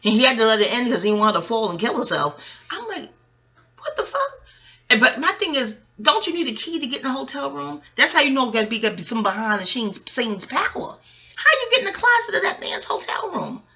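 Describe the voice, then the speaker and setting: A woman with a bright, somewhat high voice rants profanely into her camera at home. She rambles loosely and laughs often as she reviews reality TV. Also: fast talker. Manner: profane, animated ranting with frequent laughs. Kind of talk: rambling casual monologue.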